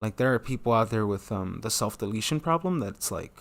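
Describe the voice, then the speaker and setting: Gravelly man in his thirties ranting. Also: expressive, fairly quick. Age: 30s. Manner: rambling, profane, loses his train of thought; acts out quoted dialogue with sudden high jumps in pitch. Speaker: solo talk channel host. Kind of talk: casual monologue.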